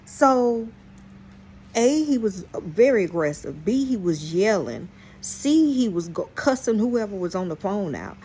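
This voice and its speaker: A woman's voice: medium pitch, measured pace. An outspoken woman recounts a run-in to her viewers in casual storytime fashion. She is blunt and profane, addresses her audience directly, and her mid-range voice rises sharply when she is outraged. A faint hiss sits under the recording. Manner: animated, exclaims in outrage. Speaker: channel host. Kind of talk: storytime vlog.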